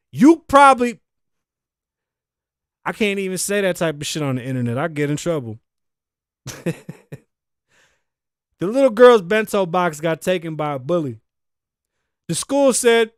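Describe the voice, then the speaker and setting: Middle-aged guy hosting a podcast, high voice, cussing and ranting, bit wheezy, dry sound. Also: smooth, dry recording. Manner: profane, animated, ranting. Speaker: podcast host. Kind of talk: casual commentary.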